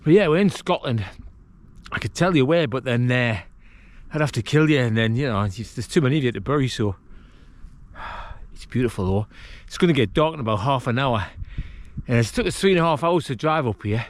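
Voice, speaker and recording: A man's voice: mid-range voice, lively intonation, brisk. A man vlogging casually outdoors on a damp hillside at dusk, chatty and self-mocking, wandering off into asides while he looks for a camp spot. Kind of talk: casual outdoor vlog talk.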